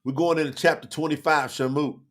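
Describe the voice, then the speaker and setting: A man's voice: on the high side, steady tone, a little fast, fairly bright tone. A man teaching scripture on a livestream, talking straight to the viewers in the chat, emotional and close to tears.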